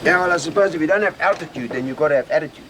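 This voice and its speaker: An actor playing a dry, sarcastic business partner, trading cutting put-downs. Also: male voice, on the high side, very fast, noisy background, close to an everyday voice. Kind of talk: sitcom acting.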